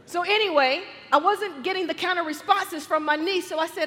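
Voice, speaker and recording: Woman storyteller with a high voice, animated and lively, on faith and family. Recorded with long reverb. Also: fairly quick, hardly any pauses.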